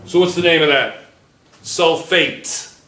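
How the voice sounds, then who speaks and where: A male teacher talks slowly through a chemistry lesson, stopping often to ask "okay?" and fixing his own slips as he goes. The echoey classroom bounces his voice around, and the camera sits well back from him. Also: on the high side, fairly bright tone, a little hiss or hum. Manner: checks in constantly with "okay?", restarts and self-corrects. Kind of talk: classroom lecture at a whiteboard. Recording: echoey classroom, recorded from a distance.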